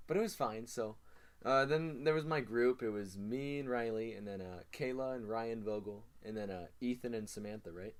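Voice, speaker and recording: A man's voice: medium pitch, normal speed. A teenage boy hosting a podcast, telling a long story with lots of fillers and restarts. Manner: rambling storyteller with many fillers. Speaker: podcast co-host. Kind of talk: casual chat.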